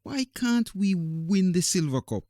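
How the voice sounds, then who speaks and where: A glum but determined schoolboy speaks up in a storybook reading, put on by a man. His voice sits a little higher, soft and mellow, and he talks slowly with a lot of rise and fall. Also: sing-song, no room sound, clean studio sound. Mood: earnest. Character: sad schoolboy house captain.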